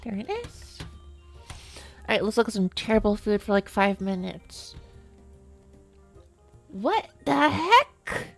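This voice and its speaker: A woman streamer talks through a casual live-stream chat, rambling from thought to thought and giggling often. Her voice sits at a middle pitch, and she keeps restarting her sentences. Faint music plays quietly behind her. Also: moderate pace.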